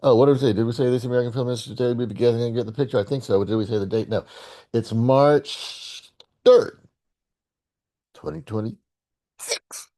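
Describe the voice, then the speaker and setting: A man's voice: mid-range voice, steady tone, rapid-fire, hardly any pauses, dark tone. A man in his sixties hosting his own video while playing a daily guessing game, chatting playfully and rambling to himself. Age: 60s. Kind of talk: casual solo commentary.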